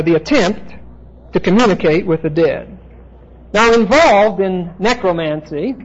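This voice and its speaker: A man teaching a Bible lecture in a classroom, explaining terms step by step and pausing often with "uh". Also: high-pitched. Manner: explanatory, halting with frequent "uh" fillers. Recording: dull lo-fi recording.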